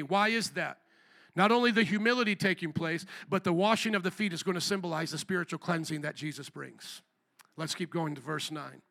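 A male pastor preaching with an animated, conversational delivery. He slips into acted-out voices and calls out to the congregation. His voice is high and bright. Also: a little fast, creaky. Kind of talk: sermon.

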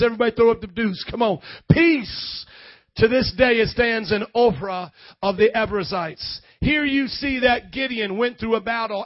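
A man preaching a lively sermon in a church, shifting between loud shouts and quiet passages. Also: very high-pitched, dry recording, muffled recording. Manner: energetic, swings from shouting to hushed. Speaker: pastor.

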